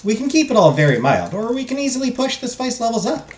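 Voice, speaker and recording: A man's voice: very high-pitched, big pitch swings, quick pace, a little mellow, reverberant, a little hiss or hum, pitched above the performer's own voice. A man reading the lines of an upbeat female wedding chef in a game.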